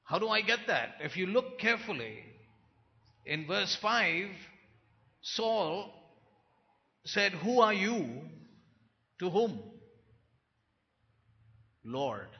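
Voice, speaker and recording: A man preaching a sermon, swinging from quiet, low lines to loud, forceful bursts. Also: sing-song, extremely slow, creaky, long pauses. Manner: dramatic swings between soft and loud delivery. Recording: dull, echoey hall sound.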